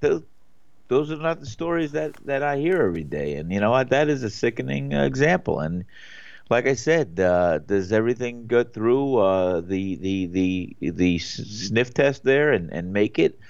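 A man hosting a talk show, speaking casually and haltingly, with many fillers. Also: medium pitch, lively intonation, gravelly, a little mellow, no room sound. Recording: dull, dry studio sound.

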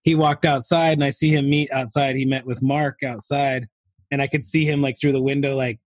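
A man's voice: medium pitch, level tone, brisk, no echo. A man telling a rambling story to a podcast host, laughing often and leaning on fillers. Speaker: podcast guest. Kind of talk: casual anecdote telling.

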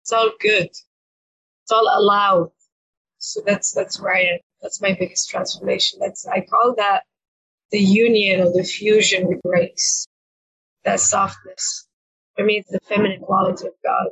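A woman's voice: mid-range voice, level tone, measured pace, a bit bright, slightly rough, low-quality recording. A woman coach speaking as a podcast guest, talking in a reflective, earnest way with frequent fillers and repeated words. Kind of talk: conversational interview.

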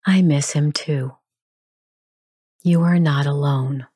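A woman voicing a gentle friend who offers soft, soothing reassurance. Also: low-pitched, fairly even intonation, takes it slowly, slightly rough, dry recording, studio quality, voice pushed down, full character voice. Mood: tender.

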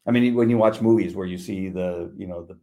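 In casual podcast chat, a middle-aged co-host spins stories in a relaxed manner, performing the quotes as he goes. His voice sits low, brisk and dark in tone.

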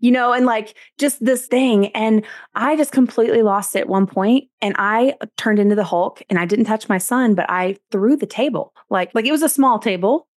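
A woman hosting a podcast, telling a personal parenting story in a candid, animated, self-deprecating way. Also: fairly high pitch, normal speed, few pauses, no echo, studio quality. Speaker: podcast host.

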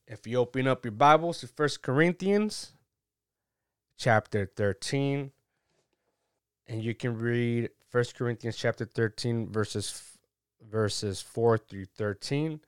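A man's voice: mid-range voice, slow, clear, resonant tone, dry recording, studio quality. A man giving a casual, chatty sermon, reading scripture and laughing at his own asides. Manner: relaxed, chatty, laughs at himself. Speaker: preacher.

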